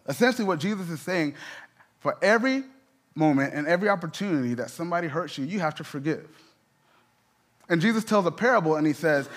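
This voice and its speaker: Male pastor, slightly high pitch, conversational sermon with emphatic peaks. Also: expressive, brisk, fairly bright tone.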